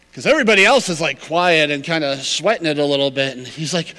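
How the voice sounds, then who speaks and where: A man preaching a sermon as pastor, telling a story with animated, acted-out quotes. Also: fairly high pitch, fast talker, hardly any pauses, long reverb tail.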